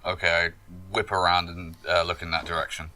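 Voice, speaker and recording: A man's voice: low-pitched, level tone, fairly quick, pushed and bright. A man playing a tabletop game who declares his character's actions plainly and decisively. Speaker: player.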